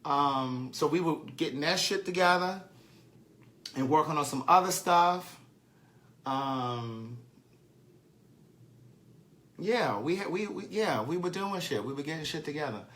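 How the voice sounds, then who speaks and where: Bright-voiced chatty man telling a story. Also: on the high side, expressive, unhurried, pauses often. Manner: chatty, swearing, laughing at his own story. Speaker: author and live-streamer. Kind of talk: casual storytelling monologue.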